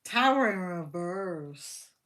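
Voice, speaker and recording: A woman's voice: fairly low pitch, expressive, slow, fairly bright tone, slight background noise. A woman giving a casual live tarot reading, blunt, joking and full of swearing. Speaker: tarot reader. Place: home livestream.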